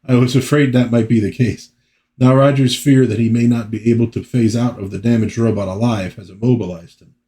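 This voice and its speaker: A man reading aloud as an older male scientist, explaining a risk in a measured way. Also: mid-range voice, warm tone, natural voice. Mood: worried.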